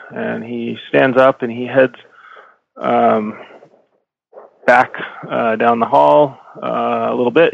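A man narrates as game master in a tabletop game, slow and halting, stopping often to search for words. His voice is gravelly. The dry recording sounds slightly dull. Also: medium pitch. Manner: halting, many fillers and self-corrections.

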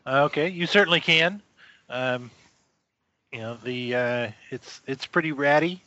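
A man narrating a tabletop game as game master, describing scenes in a relaxed way with many fillers, in a slightly muffled recording. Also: mid-range voice, unhurried, dry recording.

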